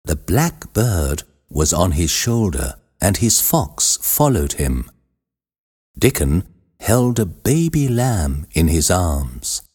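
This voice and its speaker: A man reading a children's storybook aloud as narrator, measured and expressive, with a husky voice. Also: sits low.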